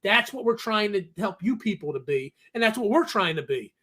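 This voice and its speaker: A man's voice: high-pitched, expressive, fairly quick, fairly bright tone. A man co-hosting a casual talk show, telling stories emphatically and often tagging his points with "okay?". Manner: emphatic, storytelling, keeps adding "okay?". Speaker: co-host. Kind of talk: casual podcast chat.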